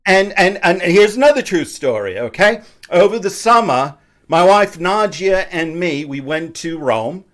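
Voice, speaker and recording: Guy stammering through silly stories, deadpan, highish voice. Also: measured pace. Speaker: co-host. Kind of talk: comedic banter.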